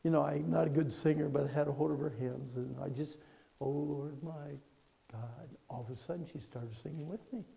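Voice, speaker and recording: A man in his fifties preaching a sermon, telling a personal story that swings from hushed to loud and emphatic. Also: fairly high pitch, fairly even intonation, fast talker, vocal fry, hardly any pauses, rough recording. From Pennsylvania.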